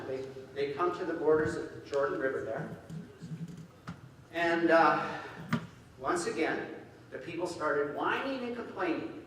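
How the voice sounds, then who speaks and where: A high-voiced man preaching a sermon with animated delivery, acting out voices as he quotes them. He is heard from a distance in a large hall, with long reverb and faint room noise. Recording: echoey hall from far off.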